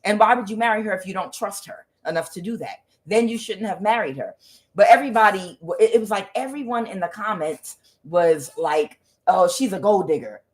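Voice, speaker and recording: A woman's voice: mid-range voice, animated, brisk. A middle-aged woman doing a casual tarot reading, ranting and rambling with many fillers and restarts. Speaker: tarot card reader.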